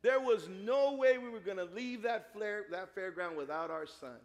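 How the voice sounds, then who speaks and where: A middle-aged man preaching a sermon, telling a family story with lively acted-out dialogue. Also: sits high, moderate pace. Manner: animated storytelling, acts out dialogue. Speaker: pastor. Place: church sanctuary. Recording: long hall reverb.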